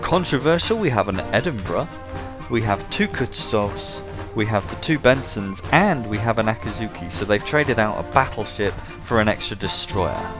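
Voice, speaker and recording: A man's voice: fairly low pitch, expressive, moderate pace, over music. An English man hosting casual game replay commentary, chatty and full of joking asides. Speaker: game commentator and show host.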